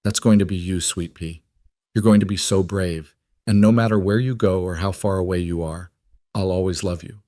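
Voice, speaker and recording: A man's voice: sits low, steady tone, normal speed, warm tone, no echo, studio quality, close to an everyday voice. A man voicing a young mother who pleads tearfully for her daughter. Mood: tender, tearful.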